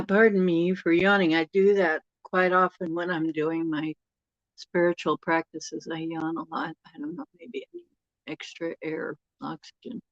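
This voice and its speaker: A woman's voice: fairly low pitch, a little mellow, dry recording, highs cut off. A woman hosting a casual livestream, chatty and rambling, often laughing and correcting herself. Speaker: livestream host.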